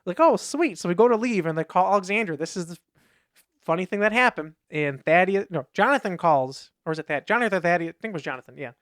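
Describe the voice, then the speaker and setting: A man's voice: high-pitched, lively intonation, fast, a bit bright, dry recording, studio quality. A man co-hosting a podcast in casual chat, rambling through anecdotes and acting out what people said in raised voices. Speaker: podcast co-host.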